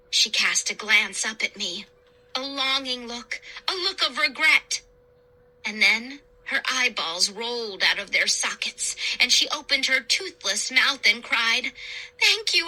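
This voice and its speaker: A woman's voice: high-pitched, sharp tone, poor audio. A woman narrating a children's horror novel with theatrical emphasis, acting out the cries.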